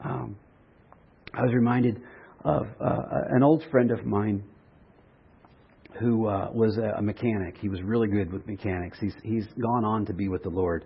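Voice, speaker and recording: Man preaching, husky voice, conversational sermon, dull lo-fi recording. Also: fairly low pitch. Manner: conversational, with frequent restarts and light humor. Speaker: pastor.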